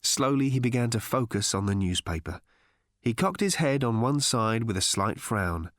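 A man reading an audiobook aloud as narrator, in a wry, measured storytelling manner, recorded in a studio. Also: mid-range voice, expressive, a bit bright, no room sound. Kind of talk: scripted narration.

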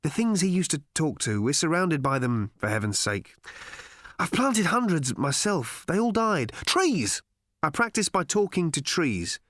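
A man's voice: on the high side, very animated, a bit bright, dry recording, clean studio sound, pitched above the performer's own voice. Man voicing a flustered, bewildered castaway. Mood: rambling. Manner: halting, rambling.

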